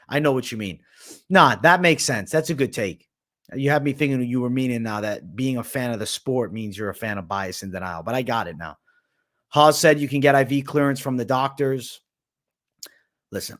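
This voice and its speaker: A young man hosting a casual livestream, reading viewers' questions aloud and answering with blunt, slangy opinions. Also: mid-range voice. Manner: slangy, says bro and man often.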